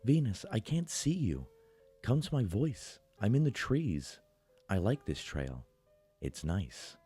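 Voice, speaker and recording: A man's voice: lowish voice, very animated, takes it slowly, dark tone, breathy edge, soft background music, pitched above the performer's own voice, heavily acted. A man voicing a creature that mimics a young woman's voice, coaxing and then taunting, in a horror story.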